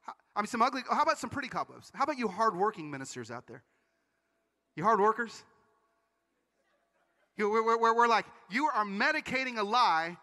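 A man giving an energetic conference sermon, telling stories with quick asides. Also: very high-pitched, in a large hall. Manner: animated storytelling with quick asides. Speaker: conference speaker. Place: large conference hall.

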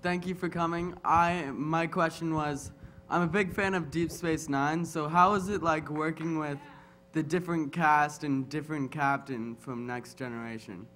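A man with a slightly high voice asks a question at a fan convention. He starts hesitantly and halts between phrases. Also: steady tone, normal speed, a bit bright. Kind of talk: audience Q&A question.

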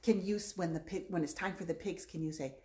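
A woman's voice: fairly low pitch, fast, darkish tone. A woman children's librarian leading a playful storytime for young children, with songs and a story in a library. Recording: echoey room.

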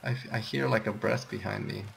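A low-pitched man with a gravelly, creaky edge talks through a co-op game session. He reacts nervously and jumpily to every threat. A faint hiss sits under his voice. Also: steady tone, brisk, fairly bright tone. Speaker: gamer. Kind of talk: casual co-op gameplay chat.

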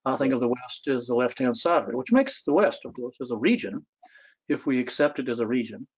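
A man's voice: medium pitch, husky. Thoughtful historian man, dull recording. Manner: thoughtful, storytelling with many fillers. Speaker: historian, guest speaker. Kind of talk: public talk.

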